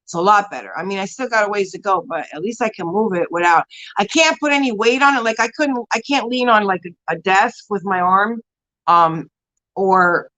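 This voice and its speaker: A woman's voice: mid-range voice, animated, moderate pace, a bit bright, low-quality recording. A woman hosting a casual beauty live stream, chatting and answering viewers in a rambling way full of fillers and frequent laughs. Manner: laughs often while talking.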